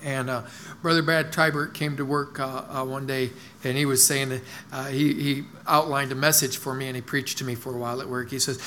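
A man's voice: mid-range voice, steady tone, normal speed, bright, forceful tone, a little hiss or hum. A middle-aged male pastor giving a conversational sermon in church, with many fillers and restarts.

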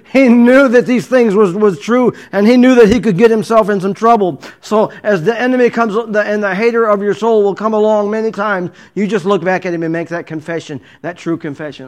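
A man preaching a storytelling sermon, retelling a scene with acted dialogue, stumbling and restarting often and sinking to a low, quiet voice for intimate points.

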